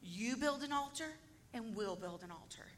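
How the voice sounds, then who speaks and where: A woman voicing a cocky male prophet, taunting his rivals in a lowered, softer voice during a Bible teaching. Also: expressive, normal speed, close to an everyday voice. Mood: challenging.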